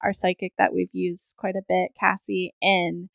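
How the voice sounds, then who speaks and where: A woman's voice: fairly low pitch, monotone, a little slow, gravelly, fairly bright tone, dry recording. A woman co-hosting a podcast, telling personal stories in an open, chatty way. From Georgia, US. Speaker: podcast co-host. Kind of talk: casual podcast conversation.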